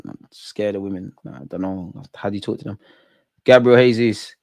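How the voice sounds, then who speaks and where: A man's voice: fairly low pitch, moderate pace, vocal fry, a little mellow, no room sound, studio quality. A young man doing live, jokey, slang-filled football watch-along banter with his chat. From England.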